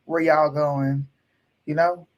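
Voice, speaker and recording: Woman co-host, blunt and teasing, low-pitched casual chat. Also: steady tone, takes it slowly, darkish tone, dull audio. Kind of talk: casual political commentary chat.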